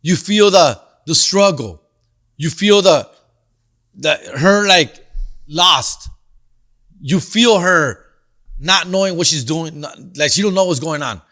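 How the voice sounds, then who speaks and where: A man's voice: on the high side, slow, long pauses, sharp tone. A man hosting a comedy podcast, telling a story in a slangy, profane, casual way. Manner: answers listener questions.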